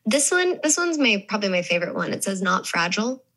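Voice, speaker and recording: A woman's voice: mid-range voice, sing-song, fast talker, a bit bright, poor audio. A young woman from the American South, an actress talking casually and reflectively in an interview. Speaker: actress guest.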